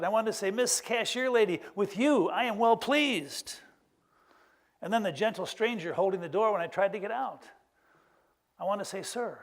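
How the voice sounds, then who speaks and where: A middle-aged man preaching a sermon as a pastor, telling everyday stories and slowing down to repeat a quiet refrain. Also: a little high.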